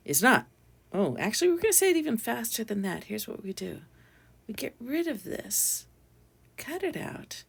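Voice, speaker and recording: A woman's voice: mid-range voice, vocal fry. A woman teacher giving a patient phonics lesson to young children, sounding out letters and syllables one by one.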